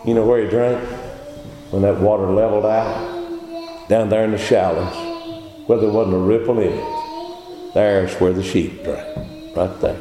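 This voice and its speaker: A man preaching a sermon, with fervent swings from a low drawl up to shouts. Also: moderate pace, pauses often, noisy background. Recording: echoey hall with faint background.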